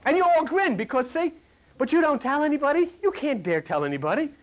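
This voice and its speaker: A man preaching a sermon to a live congregation in a folksy storytelling way, asking the audience questions and swinging between loud lines and a low murmur. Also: sing-song, fairly quick. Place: hall before a live congregation.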